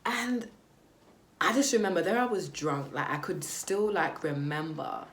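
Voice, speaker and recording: A woman's voice: on the low side, expressive, unhurried. A young woman vlogger sharing a personal testimony, candid and hesitant, with many fillers like "um" and "like".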